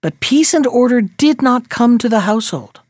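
A woman's voice: on the high side, normal speed, dry recording. Woman reading a fairy tale, dry sound. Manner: steady, expressive. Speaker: narrator. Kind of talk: storybook reading.

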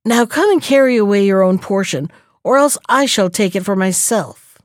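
A woman's voice: medium pitch, lively intonation, normal speed, no room sound, studio quality, lightly acted. A woman voicing a sly, greedy male jackal in a storybook, smug and wheedling.

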